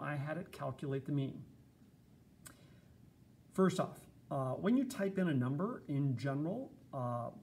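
A man's voice: mid-range voice, creaky, a little mellow, a little hiss or hum. A man giving a casual, chatty screencast lesson, explaining step by step with fillers. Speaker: teacher.

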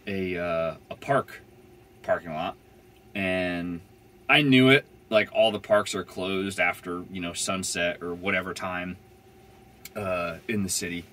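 A man's voice: low-pitched, a little slow, a bit bright, a little hiss or hum. A young man telling a van-life story in a casual, rambling way, full of fillers and swearing. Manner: rambling, laid-back, swears freely, many "like" fillers.

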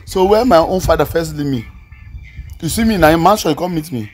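A man's voice: fairly high pitch, expressive, brisk, slight background noise, lightly acted. A young man speaking Nigerian Pidgin, playing a combative, dismissive guy who dodges his responsibilities. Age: young adult. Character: idle defiant young man shirking responsibility. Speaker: actor in a comedy skit. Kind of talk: skit acting.

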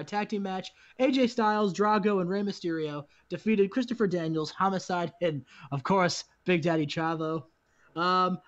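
High-voiced man, rambling game commentary. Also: dull audio. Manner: rambling storyteller, swears casually. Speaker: guest co-host. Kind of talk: casual gaming commentary.

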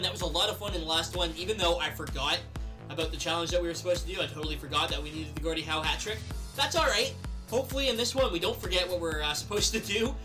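Excitable young man narrating gameplay. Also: high voice. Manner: excitable, yells and laughs at plays. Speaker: gaming video creator. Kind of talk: live gameplay commentary.

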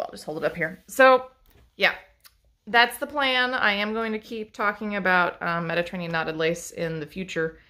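A woman's voice: lowish voice, sharp tone. A woman who runs a fiber craft shop and teaches, talking casually into a handheld phone camera on a live stream, rambling with many ums and restarts.

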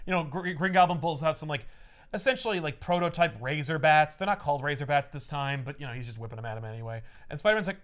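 A man on a casual comic book podcast, recapping a story with profane jokes and quick voices for the characters. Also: a little high. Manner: animated, profane, acts out characters in jokey voices. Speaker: podcast co-host.

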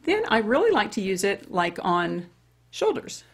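A woman's voice: mid-range voice, big pitch swings, a little slow, slightly rough. A woman over fifty chatting her way through a makeup tutorial and talking straight to women viewers. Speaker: beauty vlogger. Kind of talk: casual makeup tutorial chat.

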